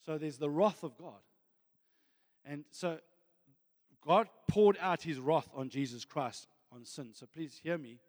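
A man's voice: a little high, measured pace, pauses often, darkish tone, long reverb tail. A man preaching a fervent sermon as a pastor, often calling out "friends" and "amen.".

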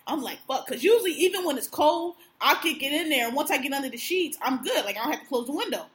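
A woman co-hosting a casual podcast, telling stories with lots of swearing and animated emphasis. Her voice sits a little higher than most. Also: fast talker. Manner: profane, animated storytelling. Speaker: podcast co-host. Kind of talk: casual chat.

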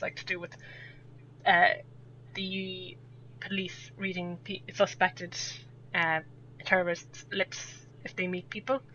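Podcast guest: woman with a West of Ireland accent, chatty and rambling, bright tone, dull lo-fi sound with faint hum. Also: lowish voice. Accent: West of Ireland, Sligo. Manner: chatty, rambling, laughs often. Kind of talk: casual podcast chat.

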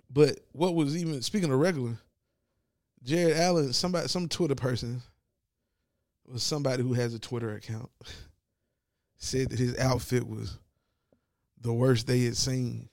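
Gravelly-voiced man ranting profanely. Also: medium pitch, moderate pace, long pauses, no echo, clean studio sound. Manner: animated, profane, mocking impressions. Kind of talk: casual sports commentary rant.

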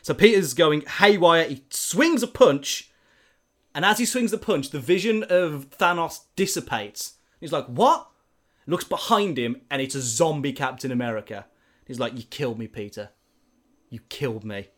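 An animated man telling a long story in a relaxed, casual way. His voice sits a little high for a man, and he fills gaps with loose filler words. He swings between loud and quiet as the story builds. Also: normal speed.

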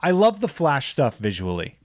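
A man co-hosting a podcast, casually recapping a movie with profanity and quick impressions of the characters. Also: fairly high pitch, wildly swooping pitch, a little mellow, no room sound, clean studio sound. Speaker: podcast co-host.

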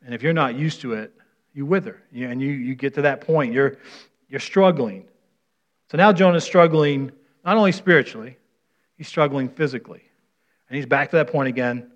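A man's voice: medium pitch, moderate pace, pauses often. A middle-aged man preaching a conversational sermon, telling stories in a folksy way and often restarting or repeating words. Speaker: pastor. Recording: dull lo-fi sound.

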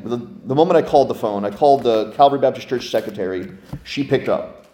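A man's voice: mid-range voice, quick pace, echoey room. A man preaching a sermon, telling stories and asking the congregation questions. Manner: storytelling, animated, asks the congregation questions. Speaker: pastor.

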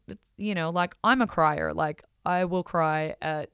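A woman with a low, smooth voice talks through a personal story in an easygoing, rambling way. She leans on fillers and restarts, and her tone is expressive. The sound is close and dry, with no room around it. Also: a little slow, no echo. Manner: chatty, expressive, many fillers like "you know". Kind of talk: casual storytelling monologue.

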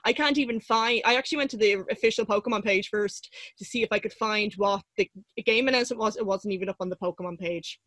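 Woman, 30s, podcast co-host, lively storyteller, dry close mic. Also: fast talker, hardly any pauses, no room sound. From Ireland. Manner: animated storyteller, acts out quotes in a high squeal. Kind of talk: casual chat.

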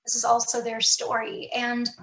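Woman, author guest, candid and reflective, slightly high pitch, echoey room. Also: completely flat delivery, normal speed, fairly bright tone, faint music behind. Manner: candid, reflective, many fillers and restarts. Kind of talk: casual podcast conversation.

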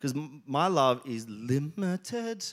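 High-voiced pastor preaching. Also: male voice, very animated, slow. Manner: storytelling, builds to loud emphatic passages. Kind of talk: sermon.

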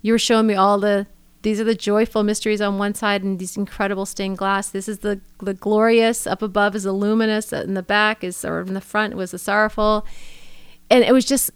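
A middle-aged woman talks earnestly on a faith podcast, often circling back and restarting her sentences. Her voice is smooth and clear. The sound is close and dry. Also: mid-range voice, little pitch movement, brisk, dry recording. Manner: earnest, emotional, rambling with restarts. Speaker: podcast co-host. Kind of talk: casual faith conversation.

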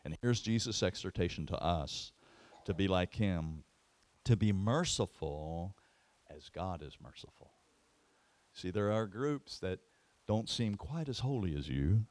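Male pastor, sermon, lively pitch, dry close sound. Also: measured pace, no echo. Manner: animated storytelling preacher.

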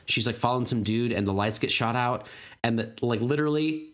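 A man's voice: medium pitch, brisk, a bit bright. Guy in his 30s rambling on a podcast, lots of ums and uhs, easygoing chat. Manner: rambling, many fillers and restarts. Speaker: podcast co-host. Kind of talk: casual chat.

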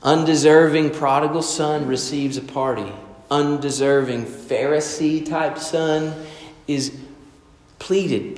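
A man preaching a sermon, telling a story and acting out the voices in it, swinging from loud to soft. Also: a little high, fairly even intonation, slow pace. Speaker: pastor. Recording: echoey hall.

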